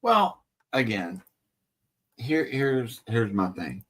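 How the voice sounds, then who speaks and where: A man's voice: mid-range voice, very animated, extremely slow, a bit bright. Grumbling blunt man on a livestream. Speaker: livestream co-host. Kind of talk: casual chat.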